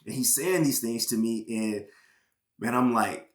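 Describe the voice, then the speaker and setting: A former professional football player from Georgia, USA, appears as a podcast guest to share a personal testimony. His medium-pitched voice sits in a roomy space, and he tells his story earnestly, haltingly and with emotion.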